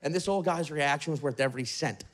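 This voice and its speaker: A man doing a profane, animated stand-up set in an apartment. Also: fairly high pitch, fast. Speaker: stand-up comedian. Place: apartment with live audience. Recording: live apartment crowd. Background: small audience laughing.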